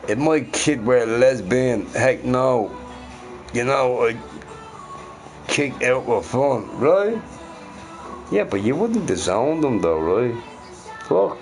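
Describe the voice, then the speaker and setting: A man's voice: mid-range voice, very animated, slow pace, pauses often, soft background music. A man in a casual ranting monologue who swears a lot and keeps asking his listeners "right?". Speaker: vlogger.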